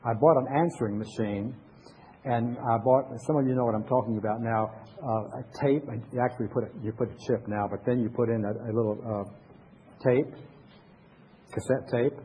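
An older man, a pastor with grandchildren, giving a conversational sermon full of pauses and restarts. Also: medium pitch, steady tone, slightly rough, lo-fi sound.

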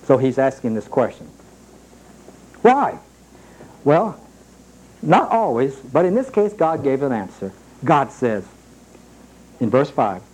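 A man preaching a sermon, slowing down to read scripture aloud and rising sharply in pitch on his questions. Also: big pitch swings, darkish tone, rough recording. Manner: emphatic, rises sharply on questions. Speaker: pastor.

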